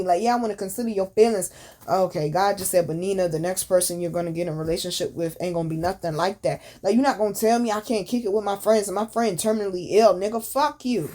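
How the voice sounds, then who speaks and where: A woman's voice: mid-range voice, a little mellow. A woman hosting a podcast, telling a personal story casually with candid, profane slang and emphatic asides. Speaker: podcast host.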